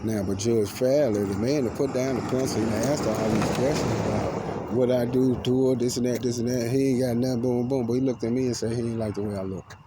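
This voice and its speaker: A man tells a rambling, profane, paranoid story outdoors, swinging between loud outbursts and low mutters. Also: fairly even intonation, a little fast, very noisy. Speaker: vlogger. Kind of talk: agitated personal storytelling to camera. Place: outdoors among trees.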